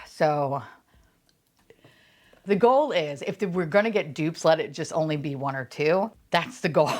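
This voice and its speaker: A young woman vlogging an unboxing, her voice swinging widely in pitch as she gushes. She squeals and laughs often, chatting straight to her viewers in an excited, casual way.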